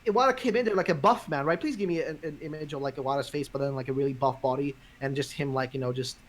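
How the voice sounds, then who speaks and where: Male podcast host: rapid, ranting, foul-mouthed, pitched a bit high. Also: slight background noise. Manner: profane, ranting, animated. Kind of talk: casual chat.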